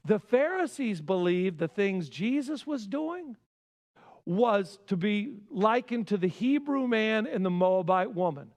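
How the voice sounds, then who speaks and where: A man preaching a sermon as pastor, swinging from loud emphasis to hushed asides. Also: sits high, expressive, measured pace, long reverb tail. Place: church sanctuary.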